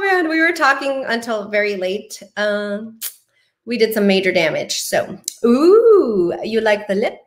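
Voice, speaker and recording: High-voiced bubbly woman in her thirties. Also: a bit bright. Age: 30s. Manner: bubbly and effusive, greeting viewers by name. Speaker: beauty channel host. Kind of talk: casual livestream chat with viewers. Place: at home.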